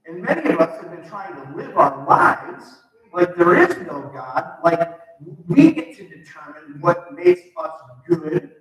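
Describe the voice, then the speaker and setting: A man's voice: high voice, fairly bright tone. A man preaching a sermon in a conversational way, often asking the congregation questions. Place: church sanctuary. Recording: distant mic in an echoey hall.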